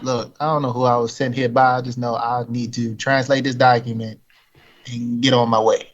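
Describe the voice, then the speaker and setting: A man's voice: medium pitch, flat delivery, moderate pace. A man at a tabletop game talks casually and cracks jokes, slipping in and out of his character. His voice comes through muffled and a little lo-fi. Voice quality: joking, chuckling asides. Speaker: player. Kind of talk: casual tabletop role-play. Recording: muffled lo-fi recording.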